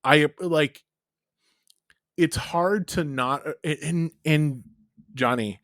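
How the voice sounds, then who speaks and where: A man's voice: a little high, drawn-out words, a bit bright, dry recording, studio quality. A man co-hosting a podcast, chatting enthusiastically about movies, swearing and gushing. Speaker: podcast co-host. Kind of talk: casual chat.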